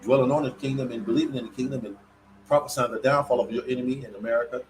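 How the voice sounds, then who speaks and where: A man giving an informal scripture sermon in casual slang, swinging between loud emphatic bursts and low mutters and drawing words out slowly. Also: fairly even intonation, noisy background. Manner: stretches words out slowly for effect. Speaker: preacher.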